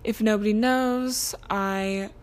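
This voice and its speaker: A woman's voice: mid-range voice, fairly even intonation, slow. A young woman in college hosting her own podcast alone, chatting casually and rambling with lots of ums and self-corrections. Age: young adult. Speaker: podcast host. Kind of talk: casual solo podcast chat.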